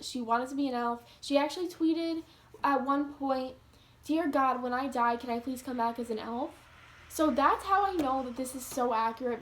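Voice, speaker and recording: A young woman vlogger telling a personal story to her viewers in an earnest, casual way, full of "like" fillers. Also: high voice. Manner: earnest, heavy use of "like".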